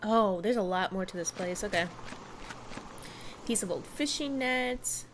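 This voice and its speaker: A woman's voice: medium pitch, animated, measured pace, slight background noise. A woman whose first language is not English, casually and wryly commenting while she plays a game. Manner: casual, wry, a bit uneasy, swears. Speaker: gamer. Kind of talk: let's play commentary.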